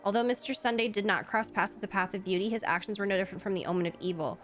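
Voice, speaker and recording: An earnest male knight devoted to beauty, read aloud by a woman streamer. The delivery is measured and solemn, dropping lower and quieter than her usual chatter. Faint game music plays underneath. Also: fairly even intonation, close to an everyday voice. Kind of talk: reading game dialogue aloud.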